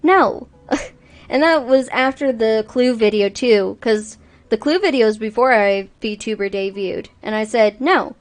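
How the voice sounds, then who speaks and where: Brief: female VTuber streamer, high-ish voice, exasperated, swears freely while ranting. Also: a little slow. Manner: exasperated, profane storytelling. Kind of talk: casual livestream rant.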